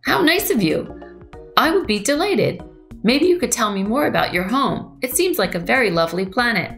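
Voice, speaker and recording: An excited young girl who dreams of being a space explorer, as a woman reads her lines. She speaks high, eager and polite, with a faint gravel in the voice and soft music underneath. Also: normal speed, exaggerated voice. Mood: delighted.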